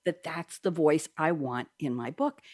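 A chatty, rambling woman hosts a talk over a video call from her home desk. Her voice sits a little low, and she laughs easily between digressions. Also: unhurried, a little mellow. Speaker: host. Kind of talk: casual chat on a video call. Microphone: desk microphone on a video call.

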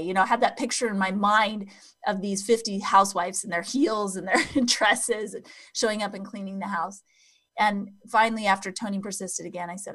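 A middle-aged woman sharing a personal story with her audience as a self-development coach. Her voice sits at an ordinary pitch for a woman. She speaks earnestly and from the heart, easing into slow, hushed phrasing at the tender moments. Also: fairly even intonation. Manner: earnest and heartfelt, slowing down and going soft and quiet at tender moments.

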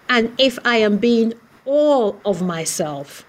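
A woman guest on a podcast, reflecting in a measured, thoughtful way on personal challenges. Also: mid-range voice, lively intonation. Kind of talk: reflective personal story in conversation.

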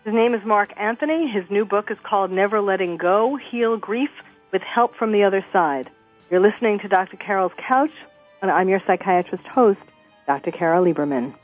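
A woman psychiatrist hosting a radio interview show, asking questions haltingly with many fillers and laughing easily. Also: mid-range voice, animated, faint music behind. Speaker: talk show host, psychiatrist. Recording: tinny phone-like, dry sound.

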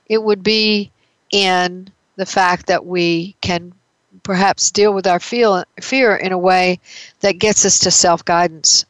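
A woman's voice: fairly low pitch, dry recording, low-quality recording. A woman therapist giving a conversational talk on emotions, explaining with everyday examples.

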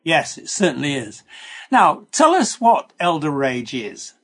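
A man hosting a radio interview, asking guiding questions in a measured way. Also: on the high side, sing-song, fairly bright tone. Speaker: radio host.

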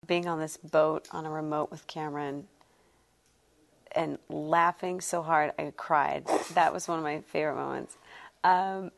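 A woman, a guest actress, recalling moments in halting, laughing speech. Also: deep voice, fairly even intonation, gravelly. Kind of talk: interview reminiscing.

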